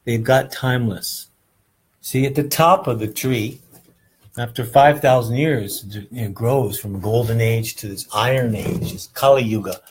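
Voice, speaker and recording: A man's voice: medium pitch, unhurried, a little hiss or hum, low-quality recording. A man giving a casual, rambling meditation lesson, earnest and often checking in with "right?". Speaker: meditation teacher.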